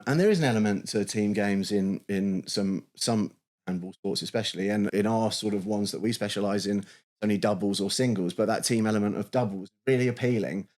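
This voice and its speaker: This podcast co-host has a fairly low, darkish voice and talks fairly quickly. In a casual, enthusiastic chat, he keeps restarting and repeating words.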